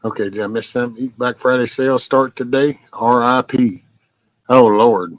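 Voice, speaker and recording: A man's voice: mid-range voice, normal speed, no room sound, rough recording. A man in his sixties hosting a casual live stream, chatting bluntly and folksily with plenty of profanity while answering viewer comments.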